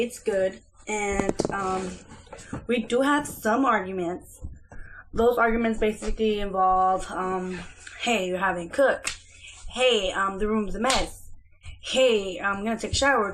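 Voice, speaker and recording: A woman's voice: mid-range voice, slight background noise. A young woman, a mother, chatting casually through a home vlog update in her kitchen, rambling with lots of fillers and restarts.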